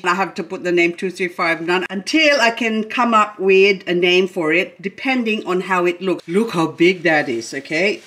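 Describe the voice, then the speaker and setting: A woman's voice: a little high, fairly bright tone. A middle-aged woman hosting a gardening channel, gushing and exclaiming with frequent laughter as she unboxes plants. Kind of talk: excited unboxing vlog.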